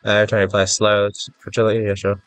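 A man's voice: lowish voice, monotone, fairly quick, a bit bright, no echo. A man giving casual gameplay commentary, rambling and self-mocking, easily flustered, with a congested, stuffy-nosed voice. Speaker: gaming YouTuber. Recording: faint game music behind.

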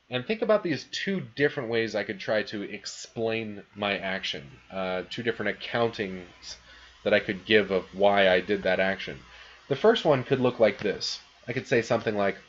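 A man's voice: on the low side, normal speed, a bit bright, lo-fi sound. A young man giving a casual philosophy lecture in a classroom, chatty, with many fillers and restarts.

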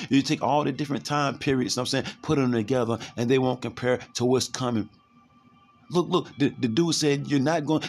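A man preaching fervently from scripture, reading verses slowly and then ranting fast in street slang, repeating words as he goes. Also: mid-range voice.

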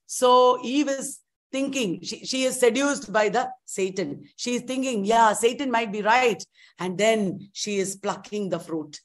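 Animated woman lecturer retelling an epic. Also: a little high, unhurried. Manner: animated storytelling, repeats key points. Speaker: literature lecturer. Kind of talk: online class lecture.

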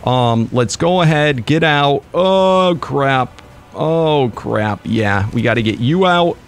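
A young man commentating his own gameplay, excitable and quick to break into frustrated outbursts. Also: mid-range voice, gravelly, clear, resonant tone. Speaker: let's play gamer.

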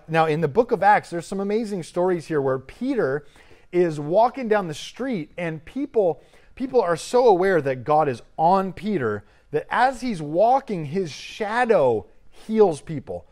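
A man's voice: on the high side, very animated, measured pace, a little mellow. A man in his thirties preaching a sermon as a youth pastor, emphatic with rising bursts of energy.

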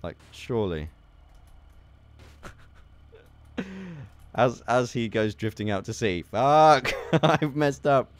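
A young man giving excitable gameplay commentary as a gaming video host, swearing and laughing at his mishaps. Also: on the low side, takes it slowly, long pauses. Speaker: gaming YouTuber.

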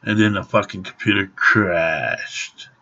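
A middle-aged male vlogger rants and swears at the camera in an angry home vlog, grumbling as he goes. His voice sits low and slow with a sharp tone, captured on a dull lo-fi home recording.

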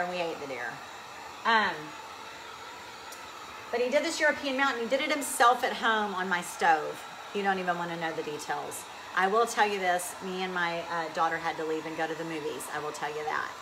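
A woman's voice: lowish voice, lively intonation, a little fast, background noise. A woman with a Texan accent giving a live DIY painting demonstration, chatty and upbeat, answering viewer comments while she works. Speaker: furniture painting instructor.

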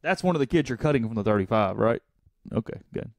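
A man's voice: medium pitch, quick pace, vocal fry, no room sound, studio quality. Chatty man telling a story. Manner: animated storyteller, chuckling. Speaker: sports podcast host. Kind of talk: casual sports talk.

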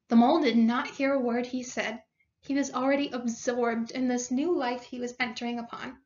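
A woman's voice: fairly high pitch, fairly even intonation, fairly quick, dull audio. A woman teacher reading a story aloud to her class, stopping to explain words and what happens. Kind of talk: read-aloud lesson.

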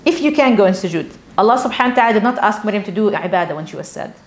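A woman's voice: mid-range voice, rapid-fire, slight background noise. A woman with an Australian accent giving a conversational religious talk to a gathering of women, asking them questions. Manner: conversational, animated, asks the audience questions. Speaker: religious teacher.

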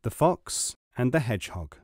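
An audiobook reader, male, narrates a collection of world tales from a script in a steady, measured storytelling style. His pitch is medium, and the recording is dry with clean studio sound.

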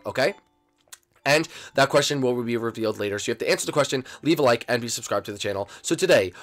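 A man hosting a gaming channel, talking in a hyper, rambling way and repeating himself. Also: medium pitch. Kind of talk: hyper gameplay commentary.

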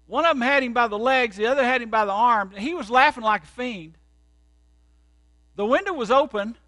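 Very high-voiced preacher man, forceful and bright. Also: normal speed, no echo. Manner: dramatic storytelling, swinging from loud outbursts to hushed tones. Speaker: pastor. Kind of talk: sermon.

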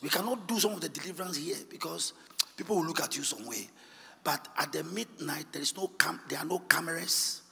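Pastor shouting from the pulpit. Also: male voice, fairly quick, gravelly, breathy edge. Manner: swings from hushed low asides to shouted, sing-song preaching. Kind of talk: sermon. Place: large church hall. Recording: long echoing church hall reverb.

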